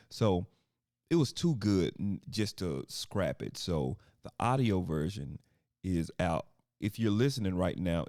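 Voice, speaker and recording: A man in his thirties hosting a podcast in a loose, joking chat, often laughing and breaking into high voices to mock people. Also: gravelly, dry recording, clean studio sound. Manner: animated, laughing, jumps into high mocking voices. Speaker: podcast host. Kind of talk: casual solo podcast chat.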